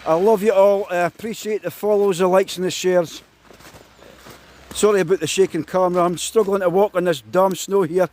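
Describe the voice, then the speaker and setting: A man's voice: high-pitched, fairly even intonation, moderate pace, a little mellow. A Scottish man chatting casually on a phone live-stream while he drives and then walks out in the snow, greeting his viewers again and again. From Scotland. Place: in a car, then outdoors in snow. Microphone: mobile phone. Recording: phone mic with road and car noise.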